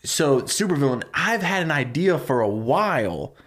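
A man co-hosting a podcast, casually pitching a movie idea, rambling with many fillers and laughing easily. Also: sing-song, moderate pace, fairly bright tone. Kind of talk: casual chat.

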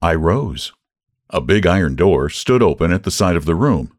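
A man reading a short story aloud as host of a literature podcast, with an expressive storytelling delivery. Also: deep voice, normal speed, no echo, clean studio sound. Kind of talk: audiobook-style story narration.

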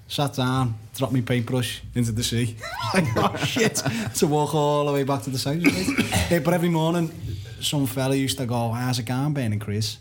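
A man's voice: medium pitch, slight background noise. A man in a casual podcast chat telling an anecdote, laughing through it and swearing freely.

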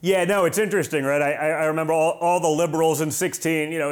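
A man in his forties hosting an interview, chatting casually with quick sarcastic jokes. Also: a little high, steady tone. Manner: joking, quick, sarcastic asides. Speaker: podcast host.

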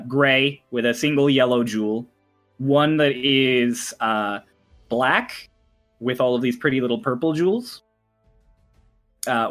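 A man's voice: mid-range voice, fairly bright tone. A man running a tabletop game who narrates in a chatty way, laughing often and using many fillers. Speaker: game master.

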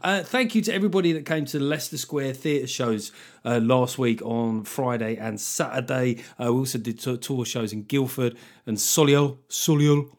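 A man's voice: medium pitch, normal speed. A middle-aged man hosting a solo comedy podcast, wry and sweary, riffing with jokey asides. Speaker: podcast host.

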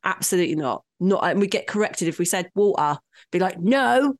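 A woman's voice: fairly low pitch, brisk, no room sound, clean studio sound. A woman in her late thirties with a London accent, co-hosting a casual chat, frank and laughing often. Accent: London English. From London, England. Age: late 30s. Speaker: podcast co-host.

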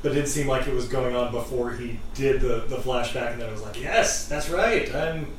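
A man's voice: mid-range voice, flat delivery, quick pace, slight background noise. A man co-hosts a casual movie chat and leads the recap from his notes, with some hesitation. He sits away from the microphone, and the room rings with heavy echo. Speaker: podcast co-host. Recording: very echoey room, distant from mic.

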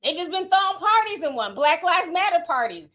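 A woman dishing gossip in a sassy, slangy way, throwing in laughing asides. Her voice sits high and bright, and she talks from home at her computer. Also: very animated, brisk. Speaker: commentator, channel host. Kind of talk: casual gossip commentary.

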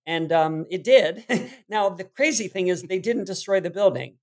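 A middle-aged actor chatting as a podcast guest, his man's voice sitting on the higher side. He tells stories with animation and breaks into easy laughter. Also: moderate pace. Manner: animated storyteller, laughs easily. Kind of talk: casual interview chat.

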